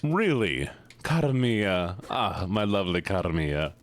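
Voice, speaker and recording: A man's voice: sing-song, a little slow. A man streaming a game, chatting playfully with his viewers between gameplay. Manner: playful, chatty with chat, squeals up high. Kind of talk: casual livestream chat while gaming.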